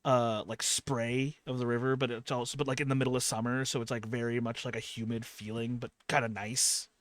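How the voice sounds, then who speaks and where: A man's voice: mid-range voice, flat delivery, a little fast, no echo. A man narrating as game master of a tabletop role-playing game, rambling with many fillers and restarts.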